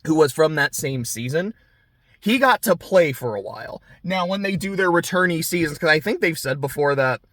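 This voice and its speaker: A man hosting a casual recap podcast, telling the story in a chatty, excitable way with plenty of swearing. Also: on the high side, no echo. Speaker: podcast host recapping a TV show.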